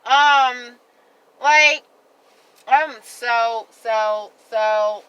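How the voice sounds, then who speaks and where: A woman vlogger venting to her viewers in a heated, rambling rant, repeating herself and filling every pause with "like.". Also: a little high, bright, forceful tone, clean tone, lo-fi sound. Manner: heated, repetitive rant full of "like". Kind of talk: venting monologue to camera.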